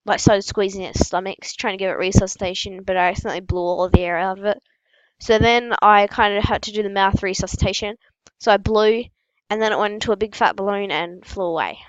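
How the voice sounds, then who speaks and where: Deadpan girl rambling absurd stories. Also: mid-range voice, no echo, poor audio. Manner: tells absurd made-up stories in a matter-of-fact, deadpan way. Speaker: gaming channel host. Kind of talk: casual rambling storytelling while opening packs.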